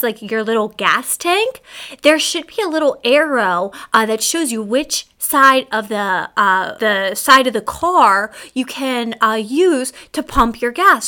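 A woman's voice: fairly high pitch, sharp tone. A young woman hosting a casual solo podcast, ranting in a sassy, exasperated way with plenty of rhetorical questions. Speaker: podcast host.

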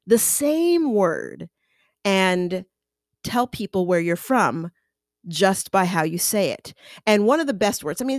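A woman's voice: mid-range voice, no room sound, studio quality. A woman from the United States hosting a casual solo podcast, chatty and playful, who slips into accent impressions as she talks.

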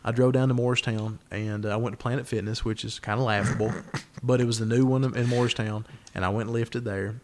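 A man's voice: medium pitch, fairly even intonation, fast. A man from the co-hosting a podcast, telling a rambling story with swearing in casual chat. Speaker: podcast co-host.

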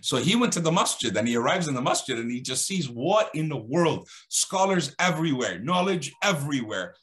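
A man's voice: big pitch swings, fairly quick, a bit bright. A man telling a religious story dramatically, acting out the characters' dialogue. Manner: dramatic, acts out dialogue with shifting pitch.

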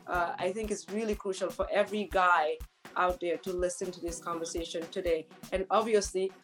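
A woman's voice: fairly low pitch, fairly even intonation, fairly quick, soft background music. A woman co-hosting a talk show, telling stories in a chatty way and laughing often. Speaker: co-host. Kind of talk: casual chat.

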